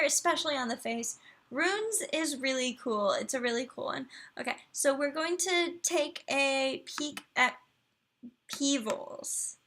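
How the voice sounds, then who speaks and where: A woman's voice: fairly high pitch, sharp tone. A young woman hosting a casual live stream, chatting with viewers and reading out game profiles. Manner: chatty, reads viewer chat and profiles aloud, talks to her computer. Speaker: livestream host reviewing game profiles.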